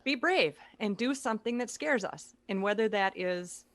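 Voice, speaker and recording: A woman, an author and speaker, guesting on a podcast in casual chat, quick-witted and upbeat. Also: mid-range voice, animated, dry recording.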